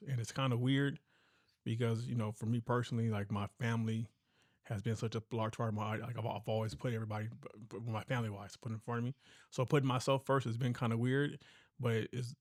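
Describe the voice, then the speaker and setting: A man's voice: mid-range voice, no echo, clean studio sound. A man co-hosting a podcast, chatting in a reflective, rambling way with frequent restarts. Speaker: podcast co-host. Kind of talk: casual podcast chat.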